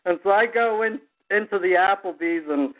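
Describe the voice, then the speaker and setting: A man with a high voice spins a story among friends and slips into the voices of the people in it. The sound is thin and phone-like. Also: normal speed. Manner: animated storyteller acting out quoted voices. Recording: tinny phone-like podcast audio.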